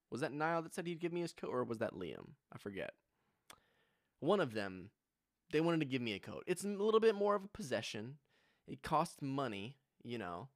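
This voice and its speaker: A man's voice: mid-range voice, no echo, clean studio sound. A young man with a Southern US accent, streaming a casual music reaction with joking, rambling asides. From United States.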